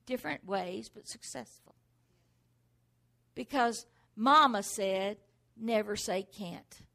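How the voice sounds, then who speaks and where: A woman's voice: medium pitch, slow pace, vocal fry, pushed and bright. A middle-aged woman preaching a sermon, driving points home with rhetorical questions and repeated exhortations.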